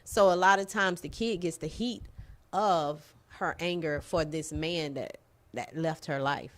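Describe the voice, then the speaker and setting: A woman co-hosting a TV talk show, talking in a casual, teasing, animated way with lots of slang. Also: low-pitched, a little slow. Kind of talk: casual chat.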